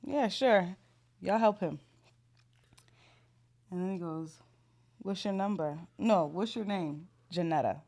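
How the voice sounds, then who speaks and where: A woman in her thirties co-hosting a relaxed podcast. She tells stories with sass and animated, mock-indignant flair. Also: on the low side, takes it slowly, pauses often. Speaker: podcast co-host. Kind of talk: casual storytelling chat.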